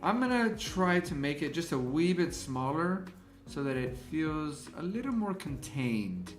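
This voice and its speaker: A man's voice: a little high, very animated, a little slow, reverberant, soft background music. A man hosting a casual design livestream, thinking aloud as he works and greeting the people in the chat. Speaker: livestream host and graphic designer.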